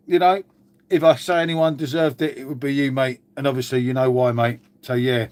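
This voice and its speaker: A man's voice: mid-range voice, fairly even intonation, brisk, a little mellow. A man hosting a casual live chat to viewers, glum and sweary, calling everyone mate. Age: older. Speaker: channel host.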